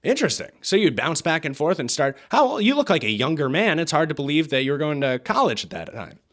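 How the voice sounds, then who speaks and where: Male comedy podcast host, deadpan, mock-formal, fairly high voice, swoops up and down. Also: quick pace. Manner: deadpan, mock-formal game-show delivery.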